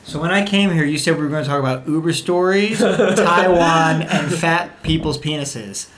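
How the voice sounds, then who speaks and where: A man's voice: on the high side, normal speed, a bit bright. A man as a podcast guest in casual chat, making dry, understated remarks.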